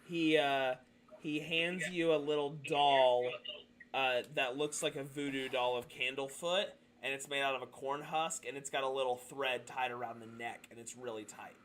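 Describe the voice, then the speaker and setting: Bright-voiced man running a tabletop game. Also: medium pitch, fairly even intonation, moderate pace, slight background noise. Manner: loose, hesitant with many fillers. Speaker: dungeon master.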